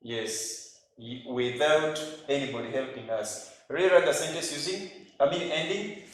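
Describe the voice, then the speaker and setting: A Ugandan man teaching an English grammar lesson, speaking slowly and emphatically and repeating each example sentence. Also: a little high, fairly bright tone. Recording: very echoey room, faint noise.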